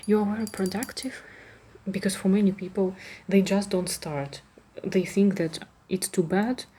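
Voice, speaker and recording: A woman with a Russian accent, talking softly in an ASMR chat. She slips into whispers often and restarts her sentences. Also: fairly low pitch, slightly rough. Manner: soft-spoken, drifting into whispers, emotional, many restarts. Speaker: ASMR creator. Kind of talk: soft-spoken ASMR chat.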